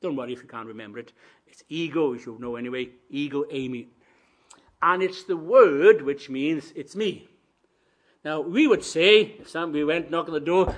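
This sermon comes from a man whose voice sits fairly high, swinging from hushed contemplation to booming, climbing proclamation.

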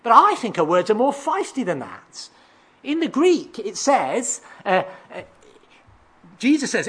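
A preacher delivering a sermon, explaining scripture verse by verse, asking rhetorical questions and sometimes pausing on fillers. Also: medium pitch, big pitch swings, a bit bright, slightly rough. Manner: expository, asks rhetorical questions, reads out verses; occasional hesitant fillers and restarts.

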